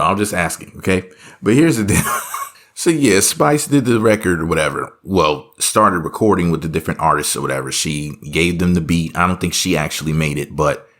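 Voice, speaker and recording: A man's voice: deep voice, fairly bright tone. A man giving casual reaction commentary, rambling and sarcastic, full of offhand asides.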